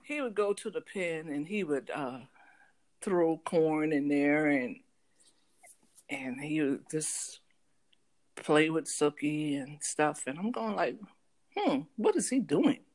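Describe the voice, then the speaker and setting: A woman with a Southern US country accent, co-hosting a podcast and telling a story in lively, casual chat. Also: sits low, takes it slowly, long pauses. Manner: animated, acts out voices in her stories. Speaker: podcast co-host.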